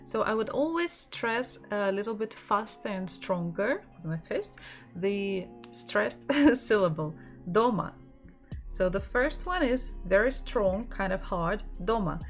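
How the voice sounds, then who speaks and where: A woman's voice: mid-range voice, expressive, measured pace, faint music behind. A woman with a Russian accent teaching an online language lesson, patiently repeating words for learners.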